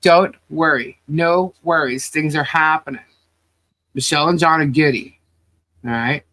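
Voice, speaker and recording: A woman's voice: sits low, a little slow, no room sound. A woman co-hosting a podcast in casual chat, blunt and fired up as she trash-talks critics. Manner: blunt, animated, trash-talking. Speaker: podcast co-host.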